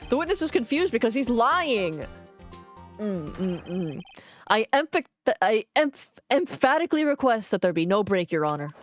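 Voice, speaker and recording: A woman's voice: a little high, big pitch swings, normal speed, faint music behind. A woman streaming a game in casual commentary, playful and cursing, reading the game's text aloud as she goes.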